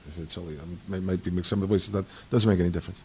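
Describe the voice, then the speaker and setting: A man talking in a lively, argumentative way about tradition, acting out the voices in the stories he tells. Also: low voice, very fast, slightly rough. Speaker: speaker on Jewish tradition. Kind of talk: animated conversational storytelling.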